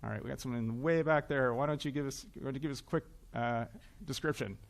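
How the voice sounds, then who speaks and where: A gravelly, medium-pitched Canadian man talks at a quick clip during a joking tech conference talk in front of a live hall audience. He's chatty and self-deprecating, with frequent uhs.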